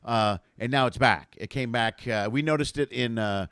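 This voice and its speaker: A man hosting a casual comedy chat, animated and foul-mouthed, acting out little bits as he goes. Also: mid-range voice, normal speed, smooth, dry recording, studio quality. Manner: animated, swears freely, acts out bits. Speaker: host.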